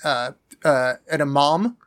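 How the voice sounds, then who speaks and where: Higher-voiced podcast guy, deadpan and teasing. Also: slow. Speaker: podcast co-host. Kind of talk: casual chat.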